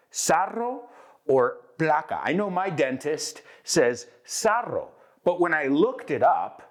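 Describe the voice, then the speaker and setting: A man hosting a bilingual English lesson, explaining with lots of energy and acting out example lines, switching between English and Spanish. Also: on the high side. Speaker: English teacher and host.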